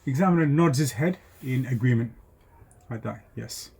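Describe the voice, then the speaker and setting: A man, a driving instructor telling a story in a lively way, full of ums and acted-out voices. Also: medium pitch, normal speed, creaky, breathy edge. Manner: animated, acts out voices, many ums. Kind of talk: casual storytelling.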